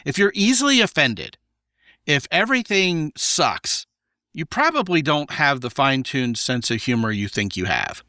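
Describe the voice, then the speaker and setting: A man hosting a podcast, dropping wry, quick quips in a casual conversation. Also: mid-range voice, big pitch swings, pushed and bright, no room sound, clean studio sound. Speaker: podcast host.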